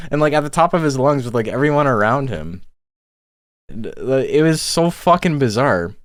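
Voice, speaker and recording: A man hosting a live stream, giving casual commentary on monster battles in a relaxed, chatty way and laughing as he tells stories. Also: mid-range voice, brisk, clean tone, dry recording, clean studio sound.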